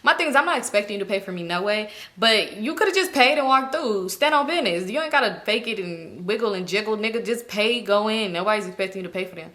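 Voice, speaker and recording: A young woman casually telling a storytime in slangy, animated talk, acting out what people said. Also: medium pitch, quick pace, few pauses. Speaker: storytime vlogger.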